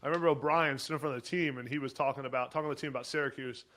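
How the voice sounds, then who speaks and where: A man in his twenties, a podcast guest telling animated, chatty stories about his football days. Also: medium pitch, racing. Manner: animated, chatty, lots of fillers and laughs. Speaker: podcast guest, former college football player. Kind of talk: casual storytelling chat.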